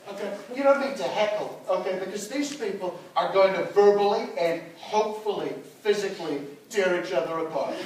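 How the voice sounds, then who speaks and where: A man doing a stand-up impression of a boastful, blustering older American politician as MC of a student debate, in a put-on American accent, bragging and tagging nearly every line with "okay?". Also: high voice. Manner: bragging, repeats "okay?" and "let me tell you". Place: university lecture hall. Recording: echoey hall, distant mic, noisy.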